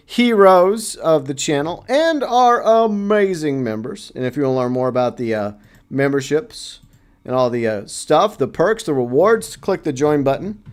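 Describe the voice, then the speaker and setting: A man's voice: on the high side, clean tone. Chatty streamer guy. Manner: chatty, reads chat aloud, playful asides. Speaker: livestream host. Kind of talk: casual livestream chat.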